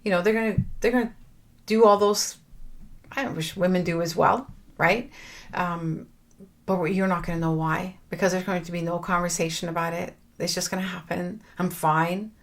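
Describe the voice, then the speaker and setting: Earnest woman with a low voice. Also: steady tone, moderate pace. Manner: earnest, reflective, conversational with fillers and restarts. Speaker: podcast host. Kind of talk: personal monologue.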